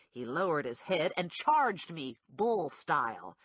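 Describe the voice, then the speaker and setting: A woman reading a comic first-person novel aloud as an audiobook narrator, with a lively delivery. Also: sits low, slow, breathy edge, no echo. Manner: lively, wide-ranging delivery with acted character voices.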